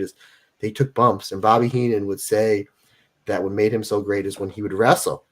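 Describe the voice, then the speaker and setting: A man in his forties with a fairly low voice speaks as an interview guest. He talks emphatically and hammers points home by repeating them. It is loose, casual conversation. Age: 40s. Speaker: guest wrestler.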